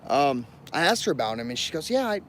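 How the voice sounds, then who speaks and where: A man's voice: medium pitch, lively intonation, fast, a bit bright, a little hiss or hum. A man livestreaming from his phone outdoors near his home. He tells a personal story in a casual, rambling way, with many fillers and apologies to his viewers.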